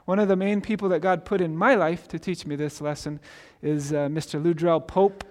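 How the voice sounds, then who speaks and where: A man's voice: a little high, steady tone, moderate pace, in a large hall. A male pastor preaching a sermon in a conversational way, often asking "right?" and restarting words.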